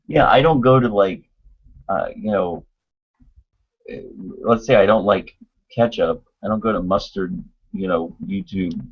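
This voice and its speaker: A man rambles through a casual online call, with fillers and restarts all along. His voice sits low and a little husky. The call audio comes through dull and lo-fi. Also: measured pace, pauses often. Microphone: computer mic on a video call.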